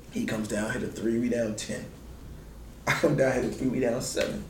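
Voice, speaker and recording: A man, a former college basketball player, casually telling stories in laid-back slang and acting out quotes with big jumps in his voice. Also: normal speed. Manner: animated, acts out quotes with big pitch jumps. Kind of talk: casual storytelling. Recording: roomy sound with faint noise.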